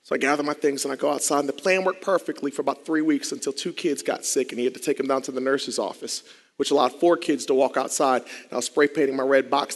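A man telling his own life story as a dramatic speech, moving between hushed asides and loud, intense passages. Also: on the high side. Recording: long reverb of a large hall.

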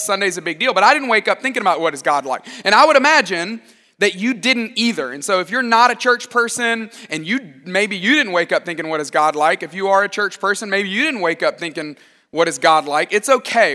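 A man in his thirties delivering a sermon in a relaxed, joking, self-deprecating way. His voice sits high and sounds bright and forward. The sound carries a long hall reverb, as from a large church. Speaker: pastor.

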